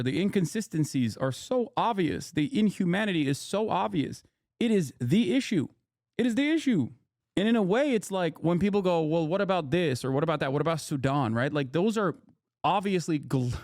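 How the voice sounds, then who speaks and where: A man's voice: on the high side, darkish tone, dry recording, clean studio sound. A man giving casual livestream commentary on news clips, blunt and sarcastic, swearing freely and rambling through restarts. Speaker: streamer reacting to news clips.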